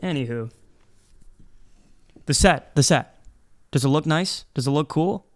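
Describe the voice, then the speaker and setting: A man with a slightly high voice hosts a solo podcast from a studio set. He talks in a rambling, playful way, swearing freely and tripping over restarts as he lectures his listeners. His delivery is loose and conversational. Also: a little slow, slight background noise. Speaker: podcast host. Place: indoor studio set with black background.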